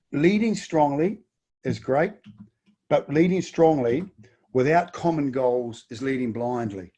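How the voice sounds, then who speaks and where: A man's voice: fairly high pitch, mellow. A middle-aged man with a New Zealand accent, a business coach giving a webinar, emphatic and full of rhetorical questions. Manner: emphatic, repeats words and fires off rhetorical questions. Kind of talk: webinar presentation.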